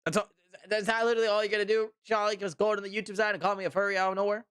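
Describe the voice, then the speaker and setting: A man's voice: sits high, little pitch movement, racing, fairly bright tone, clean tone, no echo. A man streaming live, chatting casually and reading viewer comments, rambling and repeating himself with mock indignation. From Canada.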